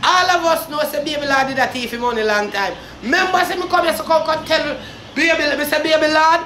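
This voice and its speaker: A young Jamaican woman vlogs a heated, cursing rant in a high voice. She drops low and somber, then flares into shouting. The room around her is echoey, with a faint hiss behind. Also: fairly quick. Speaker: vlogger. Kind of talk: ranting commentary.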